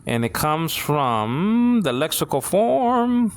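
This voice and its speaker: A man giving a casual Bible Greek lesson, halting and full of restarts, often checking that listeners follow. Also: mid-range voice, expressive, a bit bright. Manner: keeps asking "you understand what I'm saying?".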